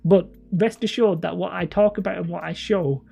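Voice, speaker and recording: A woman's voice: on the low side, fairly even intonation, moderate pace, gravelly, dark tone, slightly rough. A woman with a northern English accent hosting a live stream, chatting casually with viewers in a rambling, self-deprecating way. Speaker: livestream host.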